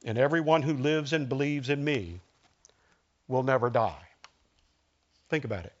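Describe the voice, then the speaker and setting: A man's voice: medium pitch, moderate pace, muffled recording. A man preaching a conversational sermon as a pastor, acting out the lines he quotes.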